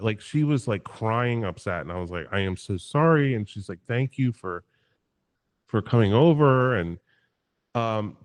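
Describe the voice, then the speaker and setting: Male guest, lower register, profane and animated raconteur; dry close-mic chat. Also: no room sound. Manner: animated, profane, acts out quotes. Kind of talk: casual livestream storytelling.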